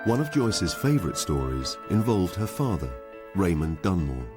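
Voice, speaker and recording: A male documentary narrator with a very deep voice reads a scripted voice-over. His pitch moves expressively through each line. Music runs beneath him. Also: very animated, normal speed.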